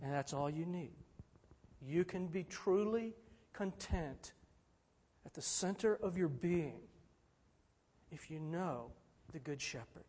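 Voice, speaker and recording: A man delivers a sermon at an unhurried pace, returning to repeated refrains. His higher voice swells to emphatic peaks, then sinks low and soft at the ends of phrases. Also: expressive. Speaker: preacher.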